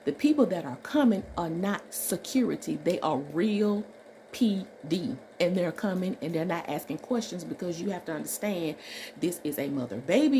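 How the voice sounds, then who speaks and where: Woman from Alabama, nurse, storytime vlog, warm mellow voice, emphatic, faint background hiss. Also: lowish voice. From Alabama, USA. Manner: animated, emphatic, acts out dialogue. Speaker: registered nurse telling a story.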